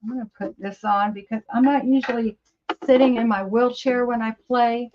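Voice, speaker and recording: A woman's voice: a little high, fairly even intonation, normal speed, slight background noise. A woman over fifty hosting a casual livestream from her home studio, chatting to viewers in a rambling, easily amused way. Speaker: livestream host. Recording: slightly dull lo-fi livestream audio.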